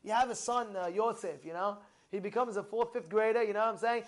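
A young man preaching with lots of energy, his fairly high voice jumping from hushed asides to near-shouts. He tells stories, acts out both sides of conversations, and keeps putting questions to the crowd. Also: quick pace, hardly any pauses. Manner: excitable, storytelling, asks the audience questions, swings from loud to hushed. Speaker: rabbi giving a Torah class. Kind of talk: animated sermon with acted-out dialogue.

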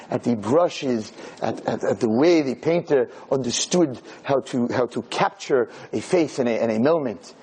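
A man giving a joke-filled lecture, telling stories in an animated way that builds to shouting. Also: medium pitch, slightly rough, low-quality recording. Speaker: Jewish lecturer.

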